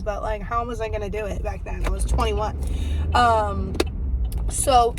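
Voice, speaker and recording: A woman's voice: a little high, a little hiss or hum, low-quality recording. A woman of twenty-eight, telling a rambling story in casual vlog chat, full of likes and ums. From New Jersey. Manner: chatty, rambling, lots of "like" and "um". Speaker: vlogger.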